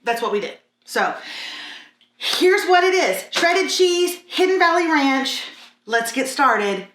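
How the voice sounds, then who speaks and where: A woman's voice: high voice, a bit bright, echoey room. A woman hosting a casual cooking tutorial in her home kitchen, blunt, sarcastic and self-mocking. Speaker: cooking vlog host.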